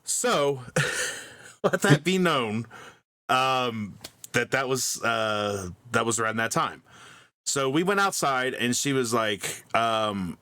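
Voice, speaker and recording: Speaking slowly in a mid-range voice that's expressive, pushed and bright, a podcast co-host who grew up in the country tells a lengthy story casually. He wanders, uses lots of fillers, restarts often and laughs at himself.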